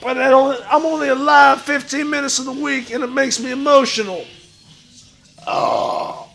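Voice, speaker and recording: A man playing a crude, boastful washed-up pro wrestler who talks about himself in the third person and shouts his lines. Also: very high-pitched, expressive, moderate pace, heavily acted. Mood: swaggering bravado. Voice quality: gravelly, shouty bravado. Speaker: streamer in character. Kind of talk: improvised comedy stream.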